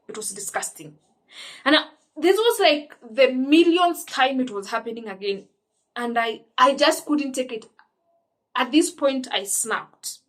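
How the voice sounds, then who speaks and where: A young Kenyan woman with a slightly high voice tells a storytime vlog. She talks with emphatic indignation and keeps restarting her sentences as she goes. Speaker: vlogger. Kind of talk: storytime monologue.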